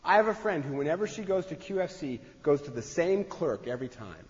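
A man's voice: fairly high pitch, sing-song, fairly quick. A man preaching a sermon in a conversational way, acting out the voices he quotes. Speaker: pastor. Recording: dull sound in a long-echo hall.

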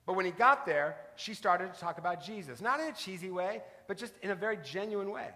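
High-voiced preacher in a reverberant sanctuary. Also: male voice, brisk, pushed and bright. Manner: storytelling preacher, varied emphasis. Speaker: pastor. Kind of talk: sermon. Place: church sanctuary.

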